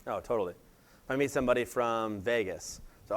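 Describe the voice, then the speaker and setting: A man co-presenting a live workshop, adding quick supportive interjections. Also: medium pitch, lively intonation. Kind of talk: chiming in during a live workshop.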